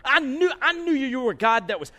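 A man's voice: sits high, very animated, fast talker, a bit bright. A man voicing a petulant male prophet, bitterly complaining to God. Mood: exasperated. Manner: exasperated, whining complaint.

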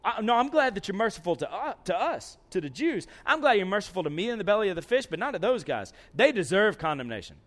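A man's voice: sits high, very animated, fast talker, hardly any pauses. A man voicing a petulant male prophet, bitterly complaining to God. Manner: exasperated, whining complaint.

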